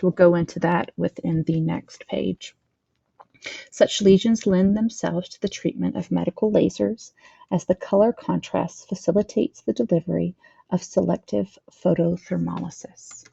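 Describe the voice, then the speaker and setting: A woman's voice: on the low side, steady tone, normal speed, vocal fry, mellow, breathy edge, no echo, muffled recording. A woman teaching a training lesson, reading slides aloud with a slight lisp, stumbling over terms and correcting herself. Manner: reads text aloud, stumbles and corrects herself, adds plain explanations. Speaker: instructor.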